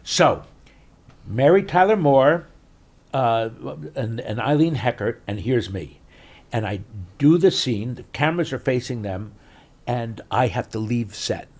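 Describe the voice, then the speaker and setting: A man, a guest actor telling stories in an animated interview chat, swinging between loud bursts and mutters. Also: medium pitch, measured pace.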